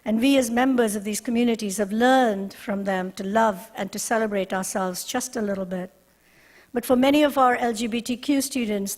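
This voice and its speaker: A woman directing a university resource center, giving an earnest, measured ceremony speech with deliberate pauses. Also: mid-range voice, big-room sound. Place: ceremony hall.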